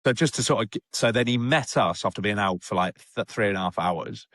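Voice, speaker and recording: A man's voice: lowish voice, brisk, fairly bright tone, no room sound, clean studio sound. A young man, a guest on a rehab talk show, telling a story in a chatty way with many restarts. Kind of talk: casual storytelling chat.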